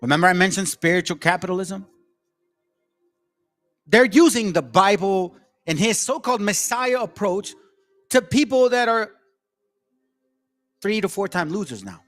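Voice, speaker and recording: A man with a fairly high voice talks through a casual video commentary, circling back and restarting as he reacts to clips. Faint music sits under his voice. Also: lively intonation, a little slow, pauses often, fairly bright tone. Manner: loose, rambling, talks over clips.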